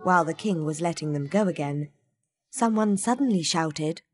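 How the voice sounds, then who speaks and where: A woman narrating a children's storybook in an expressive, measured way. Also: low voice, husky, dry recording.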